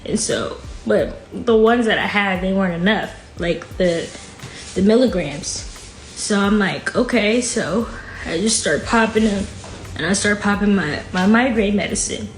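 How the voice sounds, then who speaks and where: A woman's voice: medium pitch, a little slow, a little hiss or hum. Frank woman telling a hard story. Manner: casual, frank, fills speech with "like". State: emotional, near tears at times. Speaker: guest. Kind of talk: candid personal storytelling. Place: podcast studio. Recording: echoey room with faint music.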